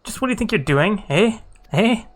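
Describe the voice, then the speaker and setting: A man voicing a grieving, suspicious old mother who nags with drawn-out taunts. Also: high-pitched, expressive, pitched above the performer's own voice. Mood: scolding.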